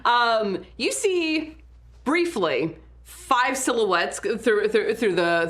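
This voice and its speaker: A woman running a tabletop game as game master, relaxed and unhurried, with many fillers. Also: a little high.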